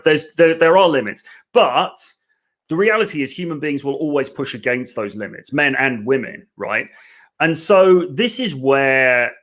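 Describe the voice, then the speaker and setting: A man hosting a casual podcast discussion about a book, talking in an animated way and often checking in with "right?". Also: mid-range voice. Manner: animated, conversational, frequent "right?" asides. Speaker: podcast host.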